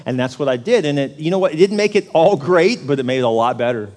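A pastor preaching a sermon in a church, telling humorous stories and putting questions to the congregation in an animated way. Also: male voice, a little high, fast, few pauses. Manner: animated, humorous storytelling that asks the crowd questions. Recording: long reverb of a large hall.

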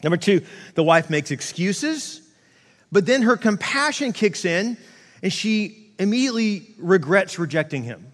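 High-voiced male pastor in a reverberant hall. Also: unhurried. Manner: conversational, animated, frequent restarts and quoted asides. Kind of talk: sermon. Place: large church hall.

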